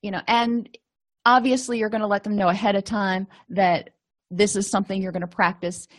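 A woman's voice: medium pitch, steady tone, brisk. A woman teaching therapy skills to clinicians in a conversational way, often acting out short sample dialogues. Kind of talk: lecture to clinicians.

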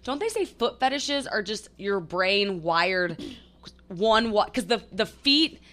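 With a mid-range, fairly bright voice and big swings in pitch, this young woman takes her time speaking. She's a podcast co-host in a casual chat, rambling and using many fillers.

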